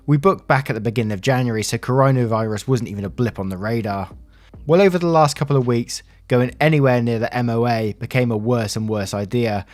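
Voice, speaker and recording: A man's voice: mid-range voice, no echo. A man narrating online stories casually, with wry asides and free swearing. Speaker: reddit story narrator. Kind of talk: casual story narration with commentary.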